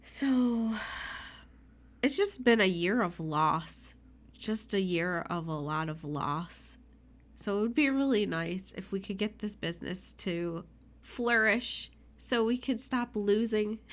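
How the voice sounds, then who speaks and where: A woman's voice: mid-range voice, animated, takes it slowly. A young woman co-hosting a casual podcast chat, emotional and teary, often laughing. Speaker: podcast co-host.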